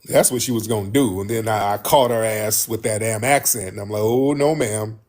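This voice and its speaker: A man's voice: lowish voice, steady tone, fairly quick, darkish tone. A man from the United States hosting casual commentary to his viewers, emphatic and repetitive, calling them family. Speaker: host.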